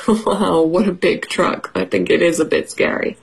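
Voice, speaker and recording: Slow, breathy woman reading a kids' story. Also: on the low side, rough recording. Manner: encouraging, asks children questions. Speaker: English teacher. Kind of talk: reading a picture book to children.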